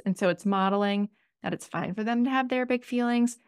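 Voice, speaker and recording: A woman podcast co-host and parent, gently walking listeners through calming exercises in a casual chat. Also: mid-range voice, a little fast, smooth, no room sound, studio quality. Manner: gentle, instructive, sing-songy with kids' exercises.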